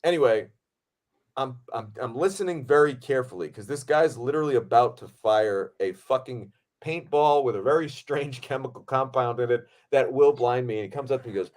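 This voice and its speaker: Man, podcast host, medium pitch, casual storytelling, animated, profane. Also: brisk. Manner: animated, profane, lots of fillers.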